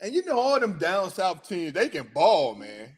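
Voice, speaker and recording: A man's voice: high voice, huge pitch swings, moderate pace. A middle-aged man hosting a casual sports talk show, chatty and hyped, laughing often.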